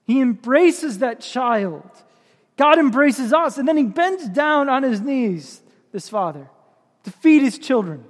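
A man's voice: very high-pitched, expressive, takes it slowly, in a large hall. A man preaching a sermon as pastor, with impassioned, building emphasis.

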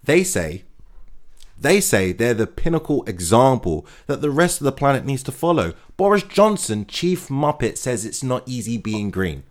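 A man's voice: mid-range voice, sing-song, normal speed. A man hosting a comic news monologue, sarcastic and mock-enthusiastic as he rattles through the headlines. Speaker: comedy host.

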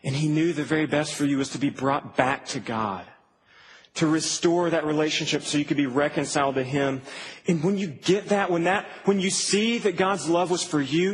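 Male preacher, high voice, earnest, emphatic, soft-to-loud swings, faint hum. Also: normal speed, rough recording. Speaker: campus ministry preacher. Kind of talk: sermon.

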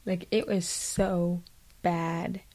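A woman's voice: lowish voice, flat delivery, very slow, warm tone, low-quality recording. A young woman hosting her own podcast in a chatty, self-mocking way, with lots of fillers. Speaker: podcast host. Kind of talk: casual solo podcast chat.

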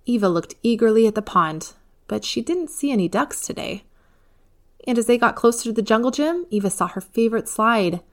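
A woman narrating a children's storybook in a clear, even reading voice. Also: on the high side, brisk.

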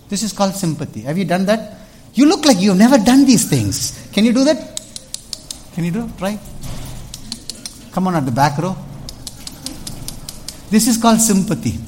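A man preaching a sermon to a church congregation, animated and calling out to the crowd. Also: high-pitched, a little hiss or hum. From India. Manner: animated, calls out "Hello?" to the congregation, dramatic shifts in loudness. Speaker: pastor.

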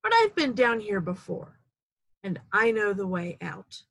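A woman voicing a calm male friend in a joke, speaking steadily and reassuringly. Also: medium pitch, unhurried, exaggerated voice.

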